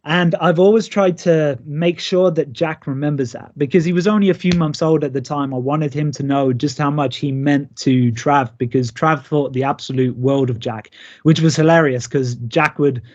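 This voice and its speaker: A man in his thirties, a wrestler by trade, tells stories from the ring and slips into the voices of the people he quotes. His voice sits a touch high for a man. The sound is dull and lo-fi, like a call recording. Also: moderate pace. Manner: lively, acts out quoted lines. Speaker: pro wrestler, guest. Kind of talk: remote interview storytelling.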